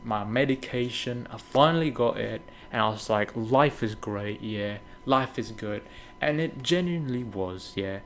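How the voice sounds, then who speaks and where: A man's voice: fairly low pitch, slight background noise. A young man from Indonesia telling his life story in a rambling, candid way, dropping "right?" and "mate" and swearing often. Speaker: gaming video creator. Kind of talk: casual personal storytelling.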